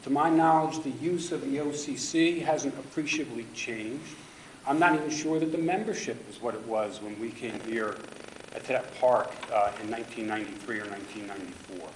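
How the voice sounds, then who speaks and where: A man's voice: medium pitch, moderate pace, a little hiss or hum. A man giving public comment at a city council meeting, pressing pointed objections with emphasis. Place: council chamber. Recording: echoey council chamber.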